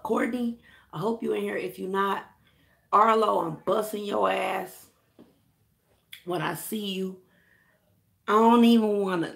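Creaky-voiced woman ranting on her vlog. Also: mid-range voice. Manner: profane, frustrated ranting, addressing viewers and friends by name. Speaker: hair care vlogger. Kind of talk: casual vlog rant to viewers.

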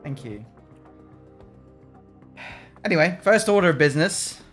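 Very animated and speaking at a measured pace, a man with a slightly high, fairly bright voice streams a racing management game. He jokes, swears, and chats with his viewers in casual gameplay commentary, faint music playing behind him.

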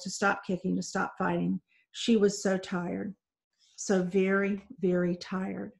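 A woman teacher reads a novel aloud to her seventh-grade class, rising and falling with the drama of the story. Her voice has a gravelly, creaky texture at a mid pitch. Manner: expressive, dramatic read-aloud.

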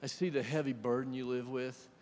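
A man's voice: medium pitch, steady tone, brisk, a little mellow. A man giving a guest sermon in a church, talking conversationally and asking the congregation questions. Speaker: guest preacher. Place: church sanctuary. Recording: long church hall reverb.

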